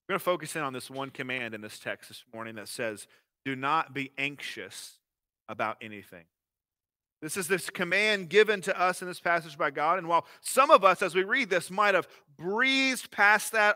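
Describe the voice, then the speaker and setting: A man's voice: on the high side, normal speed, bright, forceful tone, no room sound. A man in his thirties preaching a sermon as pastor, telling stories expressively with fillers and restarts.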